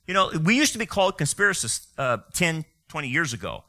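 A male pastor delivers a fiery sermon, pressing his points with rhetorical questions and sarcastic asides. His voice is bright and edgy, and it swings widely in pitch, sitting a little above the usual range for a man. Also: big pitch swings, fairly quick, hardly any pauses.

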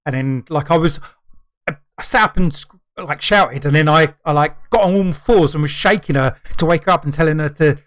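Casting: middle-aged male podcast co-host, a bit high-voiced, loose rambling delivery. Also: fairly bright tone. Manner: rambling, halting, many fillers and restarts. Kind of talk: casual chat.

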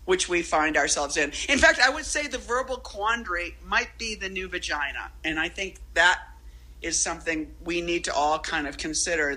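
Bright-voiced rambling woman poet. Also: lowish voice, rough recording. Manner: rambling, self-interrupting, animated. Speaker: guest poet. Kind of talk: casual interview chat.

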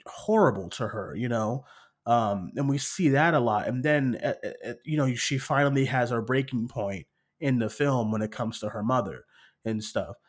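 A man casually recapping a horror film with a co-host, acting out scenes with plenty of fillers. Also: medium pitch. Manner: animated storytelling, acting out scenes, frequent fillers. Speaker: podcast co-host.

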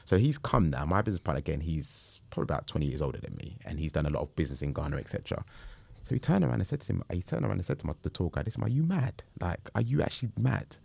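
A man, telling a story in a casual interview, animated and slangy. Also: a bass voice, very fast, gravelly. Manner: animated, slangy, acts out quotes. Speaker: travel group founder.

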